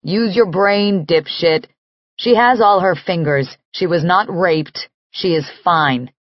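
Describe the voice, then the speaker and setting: A woman voicing a sardonic American man with an American accent, speaking in a flat, droll, deadpan way. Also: sits high, slow pace, no echo, muffled recording. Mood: contemptuous.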